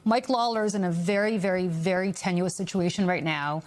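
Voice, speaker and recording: A woman's voice: fairly low pitch, fairly quick. A woman political strategist speaking as a guest on a cable news interview, emphatic and given to repeating phrases for stress.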